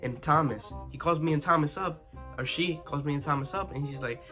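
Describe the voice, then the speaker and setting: A man's voice: a little high, a little fast, over music. A young man telling a school story in a casual, rambling, profane way, full of "you know what I'm saying.". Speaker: vlogger.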